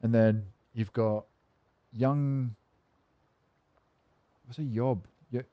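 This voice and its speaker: In an extremely slow, fairly even delivery, a man with a warm, mellow mid-range voice chats with his game stream viewers, swearing casually and replying to their messages. His manner is relaxed and cynical, and the audio is dry and close-miked.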